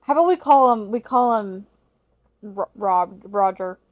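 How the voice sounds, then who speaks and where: A woman's voice: mid-range voice, unhurried, darkish tone. A young woman co-hosting a podcast, chiming in with short, blunt reactions in casual chat. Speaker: podcast co-host.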